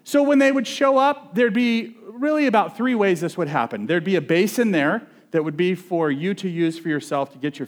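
Speaking at a fairly high pitch, a male pastor delivers his sermon in an easygoing, humorous, conversational style, frequently asking the congregation questions.

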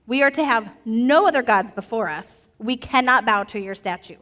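A woman voicing calm faithful young men. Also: a little high, normal speed. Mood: steadfast.

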